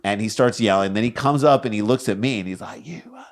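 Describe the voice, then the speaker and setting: Speaking fast in a lowish register, a middle-aged man co-hosts a comedy podcast. He's animated, swapping into different voices for the characters in the anecdotes he shares during the storytelling chat.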